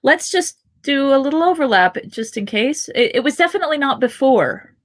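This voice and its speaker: A woman's voice: high-pitched, lively intonation, a little fast. A woman co-hosting a podcast in casual chat, teasing her co-host and laughing easily.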